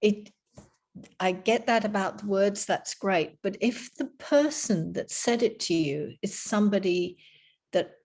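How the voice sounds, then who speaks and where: A woman's voice: medium pitch, measured pace, a little mellow. A woman taking part in a casual group discussion, earnestly raising a question. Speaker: participant.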